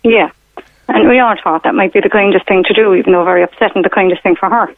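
A woman's voice: mid-range voice, fast. Woman caller on a tinny phone. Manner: rambling, hesitant, many fillers and retold quotes. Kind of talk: telling a personal story on a radio phone-in. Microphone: telephone.

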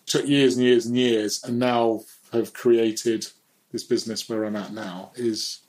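A man's voice: medium pitch, fairly even intonation, measured pace, a little mellow, poor audio. A man speaking as a guest in a candid, reflective conversation, sometimes laughing at himself. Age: adult.

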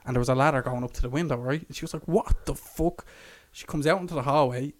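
A man's voice: medium pitch, quick pace, dry recording. A young Irish man co-hosting a podcast, telling a long story in casual chat, swearing, laughing and putting on voices for the people in it. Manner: swearing, laughing, acts out quotes in a raised voice. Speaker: podcast co-host.

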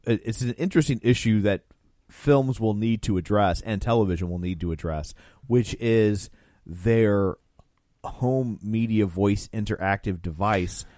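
A man's voice: fairly low pitch, measured pace, mellow, dry recording, clean studio sound. A man returning as a podcast guest, chatting casually about a film with wry asides and teasing jokes. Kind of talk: casual movie-discussion chat.

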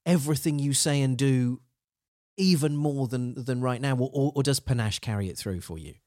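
A man hosts a casual podcast, agreeable and chatty as he builds long winding questions. His voice sits at an everyday pitch for a man. The sound is dry and close, with no room around it. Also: normal speed, a little mellow, no echo. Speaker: podcast host.

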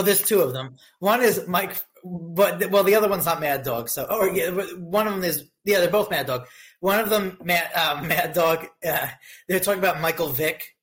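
A man's voice: on the high side, moderate pace, fairly bright tone. A young man co-hosting a sports podcast, chatting casually and rambling through stories. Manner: rambling, laughing storyteller. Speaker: podcast co-host. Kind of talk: casual chat.

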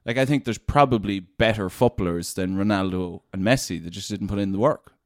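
Frank, low-voiced radio man. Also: fairly quick, no room sound, studio quality. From Ireland, Leitrim. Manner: frank, colloquial, earnest. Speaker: radio presenter, interview guest. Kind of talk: casual conversational interview.

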